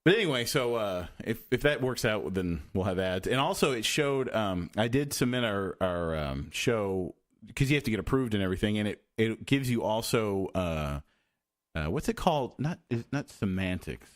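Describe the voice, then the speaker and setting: A man hosting a podcast in casual chat, rambling and halting with lots of fillers and restarts. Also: on the low side, lively intonation. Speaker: podcast host.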